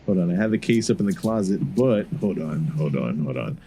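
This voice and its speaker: A man's voice: low voice, lively intonation, gravelly, warm tone, slightly rough. Congested man on a casual podcast. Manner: loose, joking, drawn-out phrasing. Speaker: podcast co-host. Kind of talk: casual chat.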